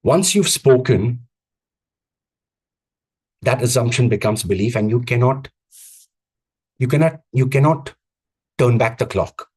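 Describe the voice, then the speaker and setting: A man giving a live online coaching talk on vocal presence, speaking emphatically with repeated phrases and deliberate pauses. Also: mid-range voice, animated, darkish tone, slightly rough. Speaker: communications coach. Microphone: video call.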